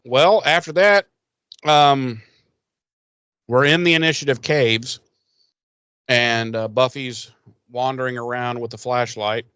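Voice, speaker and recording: A man co-hosting a podcast, casually recapping a TV episode with lots of swearing and lively acted-out quotes. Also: medium pitch, slow, long pauses, clear, resonant tone, no echo. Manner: profane, animated, acts out quoted lines. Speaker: podcast co-host.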